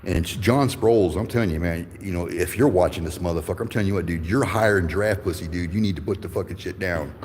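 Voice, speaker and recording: Man, 50s, very low voice, angry profane livestream rant, echoey courthouse hall with faint noise. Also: fast, hardly any pauses, a little mellow. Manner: angry, profane, rambling storytelling. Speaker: livestreaming channel host. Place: courthouse building with echo.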